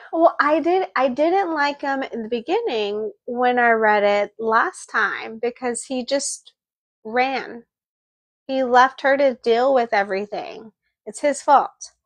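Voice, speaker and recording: A woman's voice: sits high, no room sound. A woman co-hosting a book club, animatedly retelling the plot in casual discussion. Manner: animated retelling, acting out character lines.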